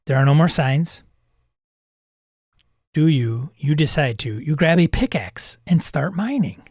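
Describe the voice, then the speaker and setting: A man's voice: on the high side, animated, measured pace, a little mellow, no echo, clean studio sound. A man hosting a tabletop game channel, narrating the game casually with wry, mumbled asides. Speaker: host.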